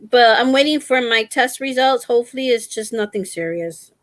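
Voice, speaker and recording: Her voice is high, expressive, and moderately paced, recorded dry through a laptop. She's a middle-aged woman who runs a crochet channel, lying down at home with her feet up and laughing often as she tells stories on a casual live stream.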